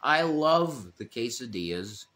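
A man's voice: mid-range voice, sing-song, takes it slowly, sharp tone. Rambling, foul-mouthed man on a livestream. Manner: rambling, swears freely, reads chat aloud. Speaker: livestream co-host. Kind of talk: casual livestream chat.

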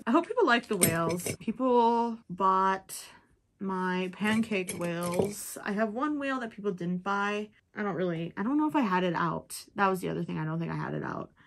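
A young woman from Minnesota with a Minnesotan accent, chatting in a rambling, giggly way while she crochets for her vlog. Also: medium pitch. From Minnesota, USA. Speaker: crochet vlogger. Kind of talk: casual chat while crocheting.

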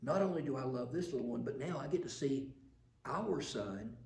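A man's voice: mid-range voice, lively intonation, moderate pace, a little mellow, reverberant. An older man preaching a sermon, telling stories and building to emphatic passages. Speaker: pastor.

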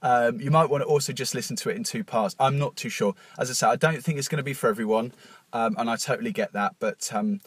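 Male podcast host, mid-pitched, talking nervously and haltingly with raw emotion; dry, close sound. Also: husky, dry recording. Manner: halting and nervous, many fillers and restarts; emotional, openly moved. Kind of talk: confessional podcast monologue.

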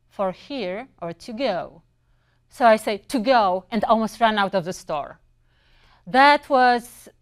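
A woman's voice: fairly high pitch, smooth. A middle-aged woman, a non-native English speaker who teaches English, telling personal stories in a conversational way with small restarts. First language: not English. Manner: conversational, with brief restarts and fillers. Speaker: English instructor. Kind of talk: personal storytelling.

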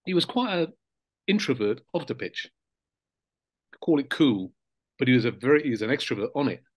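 An older man, a former footballer, recounting memories in a relaxed, reflective way with fillers and soft laughs. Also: medium pitch, dry recording. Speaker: interview guest, former footballer. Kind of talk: casual reminiscing interview.

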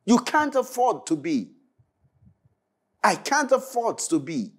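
A male pastor preaching a Bible study sermon with passion, swinging from loud crying out to low, pleading prayer. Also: very animated, slow, breathy edge.

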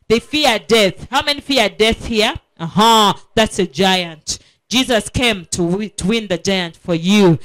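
A woman's slightly bright, mid-range voice leads a children's sermon at a school prayer week. Slow and emphatic, she turns questions to the assembly and repeats key words for emphasis.

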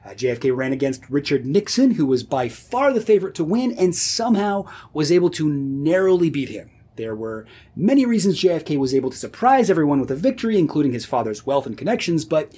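A man who hosts his own video series, narrating history in a comedic scripted style with sardonic deadpan asides. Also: fairly high pitch, brisk, few pauses, slightly rough. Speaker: video host.

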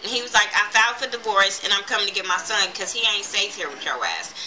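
Woman recapping, bright and blunt. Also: medium pitch, quick pace, slight background noise, poor audio. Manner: blunt, profane, animated retelling with quoted voices. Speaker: TV episode reviewer. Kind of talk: casual recap vlog.

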